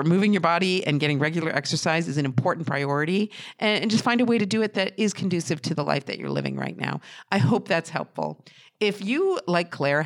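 A middle-aged woman from New Hampshire hosting a podcast, talking casually and warmly with many fillers and restarts. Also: low-pitched, creaky. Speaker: podcast host.

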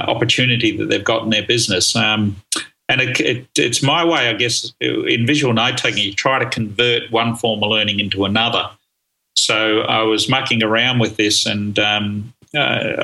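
This interview guest, a middle-aged man discussing learning, has a lowish, creaky voice with a bright, forceful edge. His conversational answers come out enthusiastic, full of ums and false starts, captured on a low-quality recording.

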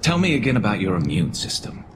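A man's voice: lowish voice, sing-song, fast talker. An actor voicing a male alien soldier in a video game who needles an old comrade playfully. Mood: teasing. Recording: roomy game audio with ambient noise.

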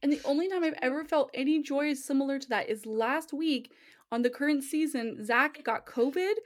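High-voiced woman chatting casually. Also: moderate pace. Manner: swears freely, laughs often, storytelling. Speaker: podcast host. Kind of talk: casual chat.

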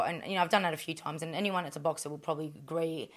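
A woman's voice: sits low, fairly even intonation, very fast. An Australian woman in her thirties, a boxer talking candidly in an interview, blunt and full of swearing, fillers and restarts.

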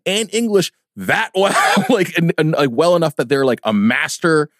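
A man's voice: a little high, big pitch swings, normal speed, no echo, studio quality. A man who is a podcast guest, chatting casually and laughing through wry asides. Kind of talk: casual chat.

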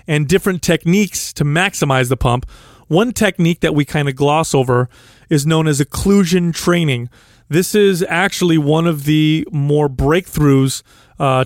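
A man's voice: on the high side, no echo, studio quality. A man co-hosting a podcast, talking in a nasal voice and joking around with his co-hosts. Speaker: podcast co-host. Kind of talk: casual banter.

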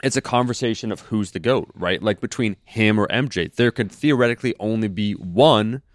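Rambling low-voiced man, dry and close. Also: brisk, dry recording. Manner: rambling, hesitant, lots of fillers and restarts. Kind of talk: casual chat.

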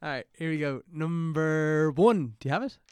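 A man's voice: on the high side, expressive, rapid-fire, smooth, no room sound. A man hosting a casual podcast, asking easygoing questions. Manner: easygoing questioner, chuckles often. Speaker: podcast host.

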